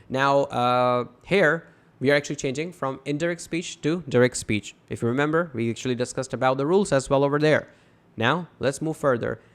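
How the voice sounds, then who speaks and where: A man gives a casual online English grammar lesson, reading example sentences aloud and then talking them through. He leans on fillers such as "you know" and "right?" as he goes. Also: mid-range voice. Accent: South Asian English.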